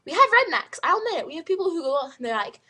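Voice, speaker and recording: Bright, animated teenage girl ranting. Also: very high-pitched, quick pace. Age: teens. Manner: animated, emphatic, full of "like" fillers. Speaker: high school student vlogger. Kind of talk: ranting vlog to camera.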